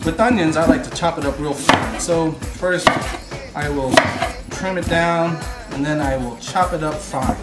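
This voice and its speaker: A man's voice: on the high side, unhurried. A man giving a casual cooking demonstration in a kitchen, hesitant, with many filler sounds. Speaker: home cooking instructor. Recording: music playing loudly behind.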